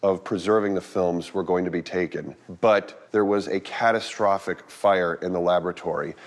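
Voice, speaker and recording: A man working as a film archivist, narrating and explaining in a measured, somber way. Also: deep voice, steady tone, poor audio. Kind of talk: documentary narration and on-camera explanation.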